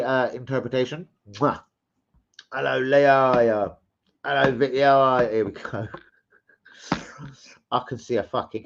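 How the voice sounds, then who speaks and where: A man hosting a casual live stream, swearing freely, rambling and giving loud shout-outs to chat. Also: medium pitch, slight background noise. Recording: slightly muffled stream audio.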